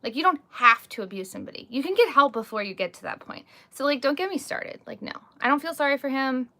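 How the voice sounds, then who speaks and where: Candid creaky-voiced woman streaming live. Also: high voice, animated, fast, bright, forceful tone. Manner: candid, talks with many "like" and "um" fillers. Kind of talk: casual live chat answering comments. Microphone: phone or webcam, live stream.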